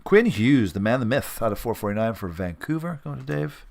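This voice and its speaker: A middle-aged man from Western Canada, casually commenting as host of a live sports card break and reading out each card with quick upbeat reactions. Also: medium pitch, lively intonation, gravelly, a little mellow. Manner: chatty, rambling, reads out cards with quick upbeat reactions.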